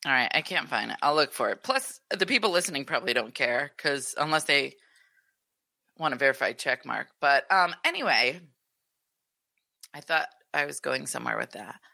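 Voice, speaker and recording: A woman in her thirties with a strikingly low, gravelly voice that carries a bright, forceful edge. She chats casually on a podcast, telling stories with animated quoted lines. The recording is close and dry. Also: normal speed, no room sound. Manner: animated storytelling, acts out quotes. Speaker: podcast co-host. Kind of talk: casual chat.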